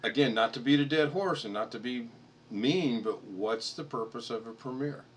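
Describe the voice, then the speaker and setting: A man's voice: medium pitch, normal speed, slight background noise. An American man hosting a casual live stream chat, rambling and joking and laughing at his own stories. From United States.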